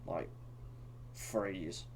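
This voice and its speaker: Low-voiced man, rambling chat. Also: fairly even intonation, very slow, a little hiss or hum. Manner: rambling, many fillers and restarts. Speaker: podcast co-host. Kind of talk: casual chat.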